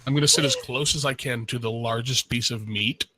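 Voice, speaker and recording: A man playing a tabletop game, speaking casually and excitedly. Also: mid-range voice, fairly quick, dry recording. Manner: playful, excitable. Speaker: player.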